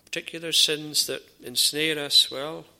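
Man delivering a sermon: slightly high voice, gravelly texture, earnest and measured with hesitations. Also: fairly even intonation, bright, forceful tone. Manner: earnest, measured preaching with frequent "uh" pauses and repeated phrases; drops to a near whisper in dramatised dialogue. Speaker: preacher.

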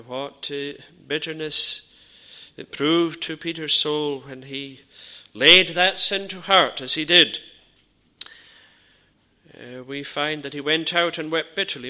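A man preaching a sermon in an earnest, measured way, with frequent pauses and repeated phrases. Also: on the high side, pushed and bright. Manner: drops to a near whisper in dramatised dialogue.

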